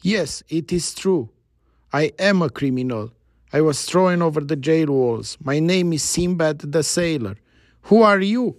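A man's voice: on the high side, expressive, a little slow, no echo, clean studio sound. A man voicing a bold young male sailor hero in a spoken story, eager and confident. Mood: earnest.

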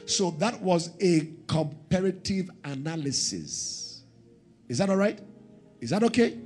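Animated man preaching a sermon. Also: a little high, unhurried, soft background music. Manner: animated, swings from shouting to hushed prayer.

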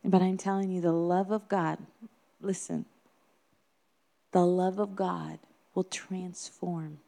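A woman's voice: on the low side, flat delivery, slow, vocal fry, pauses often, mellow. Earnest woman preaching a sermon. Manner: earnest, emphatic, builds with repeated phrases. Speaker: minister.

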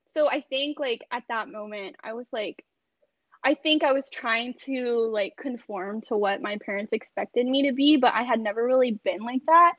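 A woman's voice: a little high, moderate pace, dry recording. Chatty young woman on a dull video call. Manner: chatty, many fillers, laughs often. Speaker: podcast guest. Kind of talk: casual conversation on a video call.

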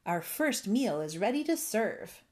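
A woman voicing a gentle, kindly male bullfrog in a storybook reading, raising her voice high for him. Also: measured pace. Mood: cheerful. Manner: earnest, high and excited when calling out.

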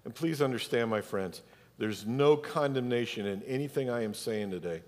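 A pastor with a medium-pitched, darkish voice preaches a Sunday sermon at normal speed. He's emphatic, addressing his congregation directly in a church sanctuary, with long hall reverb on the sound.

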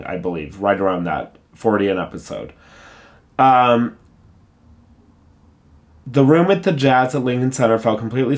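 A man who reads a gossip article aloud, then gives his candid, opinionated take in a casual, conversational way. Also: medium pitch. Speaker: pop culture commentator.

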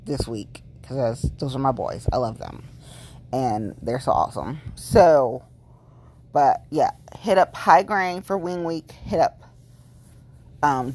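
A tipsy woman in her late thirties chats into the camera, rambling from one thing to the next and repeating her favorite lines. Her voice sits low but swoops widely when she gushes. The delivery is loose and casual. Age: late 30s. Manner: rambling, repeats herself, gushing. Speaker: vlogger. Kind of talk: casual chat.

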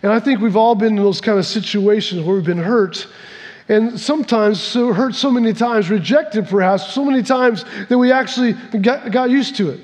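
A man's voice: high voice, normal speed, a little mellow, in a large hall. A man preaching a sermon as pastor, conversational and personal, telling his own stories with frequent restarts.

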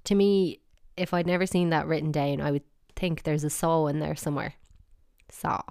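Irish woman chatting on her podcast, bit low, jokey and baffled, dry close sound. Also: moderate pace, no echo. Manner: playful, animated, mock-baffled. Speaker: podcast host. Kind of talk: casual solo podcast talk.

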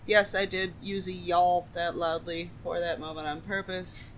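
A woman from the Midwest, co-hosting a podcast, telling stories in a casual, profane, animated way. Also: lowish voice, moderate pace, slight background noise. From American Midwest. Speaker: podcast co-host. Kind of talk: casual chat.

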